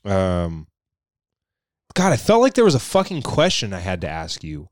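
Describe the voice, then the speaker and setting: A young man chats loosely on a podcast, rambling and swearing as he acts out people from his stories. His voice sits on the low side, and it is recorded dry and close with no room sound. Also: wildly swooping pitch, normal speed, dry recording. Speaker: podcast co-host. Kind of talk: casual chat.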